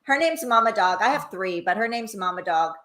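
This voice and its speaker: Chatty woman guest, gushing and warm, echoey room sound. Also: medium pitch, animated, brisk, crowd noise. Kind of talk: virtual interview chat.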